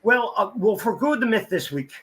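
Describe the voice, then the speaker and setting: A man's voice: high voice, animated, normal speed, a bit bright, a little hiss or hum. A man co-hosting a casual chat, rambling and repeating himself as he runs a quiz. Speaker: co-host.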